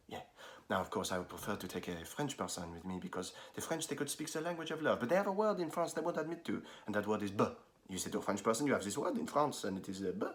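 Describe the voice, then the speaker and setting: Fast-talking man doing comic accents. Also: mid-range voice. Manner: quick, jokey, slipping between accents. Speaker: voice artist, host.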